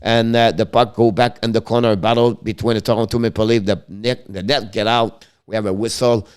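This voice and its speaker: A man with a French accent calls a hockey game play by play for a live stream, tracking each pass in quick, broken English. His voice sits low. It stays smooth and clear. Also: flat delivery. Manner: rapid running commentary in broken English, names each pass. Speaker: play-by-play commentator and stream host.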